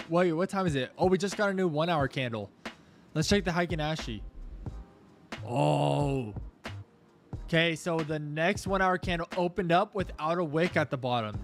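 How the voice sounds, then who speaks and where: A man's voice: on the high side, moderate pace. Young man streaming crypto trades, music behind. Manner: chatty, thanks viewers, coaxes the chart aloud. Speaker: crypto trading livestreamer. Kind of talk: casual live-stream commentary.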